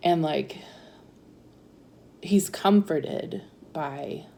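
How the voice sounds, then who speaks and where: A woman in her thirties with a slightly low-pitched voice shares her own story. She talks in a chatty way, fills her sentences with "like" and laughs often. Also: measured pace, a little mellow, slight background noise. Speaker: interviewee sharing her story. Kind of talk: personal storytelling.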